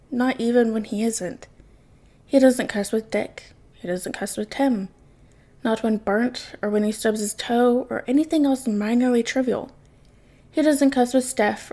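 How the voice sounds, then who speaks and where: A woman reading a fan fiction story aloud in soft, unhurried narration. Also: on the high side. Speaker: podfic reader.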